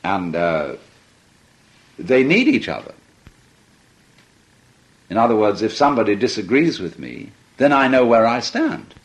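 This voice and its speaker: A man's voice: lowish voice, very animated, unhurried, pauses often, rough recording. A man giving a reflective lecture talk, musing and telling stories, often breaking into laughter. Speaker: speaker.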